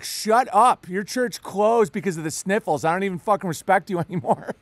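A man with a high voice co-hosts a loose podcast chat. He rambles, stammers, swears and laughs often. The mic is dry and close. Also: normal speed, no room sound. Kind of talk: casual podcast conversation.

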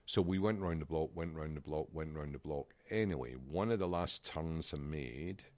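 A middle-aged man on a podcast, telling an animated, exasperated anecdote in casual chat. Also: rumbling low, normal speed, no echo. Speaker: podcast co-host.

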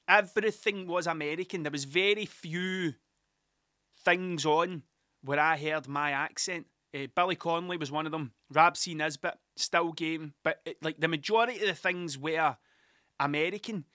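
A man's voice: on the high side, normal speed, sharp tone, no echo, studio quality. A young Scottish man hosting a solo podcast, rambling casually from topic to topic and swearing freely. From Scotland. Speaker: podcast host.

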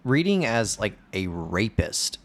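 A man with a low, gravelly voice co-hosting a film podcast. He retells scenes in a casual way and acts out the characters' lines with energy. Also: sing-song, slow pace. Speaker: podcast co-host.

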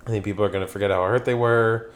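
This young Pennsylvanian podcast host races along in a low-leaning, even tone. It's a casual chat full of rambling and swearing, and he keeps losing his thread.

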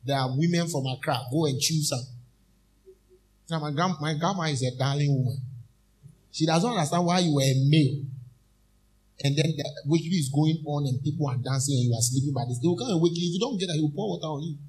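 A man's voice: on the high side, a little mellow. A male minister preaches with a slightly raised voice. He pulls the congregation in with repeated questions and stretches out each key phrase for weight. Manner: emphatic, drawn-out key phrases. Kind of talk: sermon.

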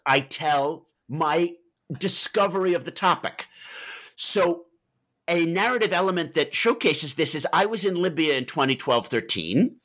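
A man being interviewed about his book, with a high-ish voice and a bright, forceful edge. He talks in a lively, swooping way and keeps wandering into anecdotes as he explains. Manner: animated, anecdotal, digressive. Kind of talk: explaining and telling stories in an interview.

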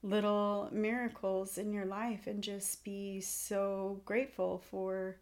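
A woman's voice: medium pitch, flat delivery, slow pace, a little mellow. A woman in her thirties, a podcast guest, talking earnestly about faith in a rambling, storytelling way full of restarts. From California.

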